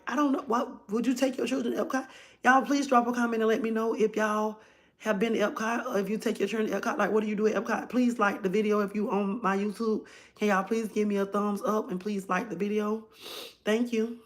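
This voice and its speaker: A woman chatting casually on a phone livestream, rambling and talking straight to her viewers. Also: medium pitch. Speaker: livestream host.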